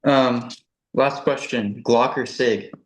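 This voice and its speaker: Man, podcast host, slow, hesitant questions, mid pitch, roomy echo. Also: fairly even intonation. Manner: hesitant, filler-heavy questioning. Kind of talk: interview questions.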